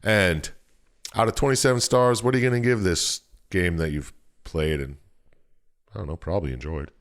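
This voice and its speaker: A man's voice: low-pitched, moderate pace. A man co-hosting a podcast, retelling a game's plot in profane, joking casual chat. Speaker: podcast co-host.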